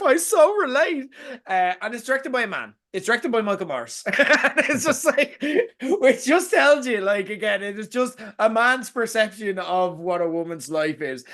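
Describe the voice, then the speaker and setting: A man's voice: fairly high pitch, a bit bright. A man co-hosting a podcast in casual chat, ranting with sarcasm and swearing, mocking what he dislikes. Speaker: podcast co-host.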